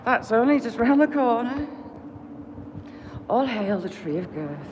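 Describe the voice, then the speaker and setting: A woman's voice: a little high, very animated, measured pace, darkish tone, slight background noise. A woman vlogging live while she walks a countryside path, chatting and laughing with viewers as she greets them by name. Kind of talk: casual live-stream chat while walking.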